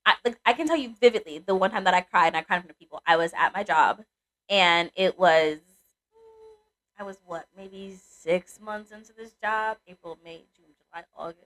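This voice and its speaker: A young adult woman co-hosting a podcast, telling a personal story in casual chat, animated and swearing freely. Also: medium pitch, normal speed. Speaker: podcast co-host.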